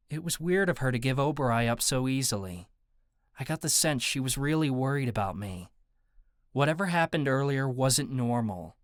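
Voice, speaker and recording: A man reads a first-person audiobook in a steady, even storytelling manner. His voice sits at a middle pitch, and the close studio recording is dry, with no room sound. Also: no room sound. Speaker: audiobook narrator. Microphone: close studio mic.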